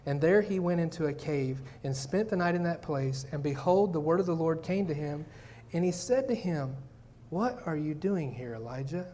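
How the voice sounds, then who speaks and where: A man's voice: a little high, normal speed, dark tone, a little hiss or hum. A male pastor giving a sermon. He reads scripture and acts out pleas, then builds to fervent emphasis.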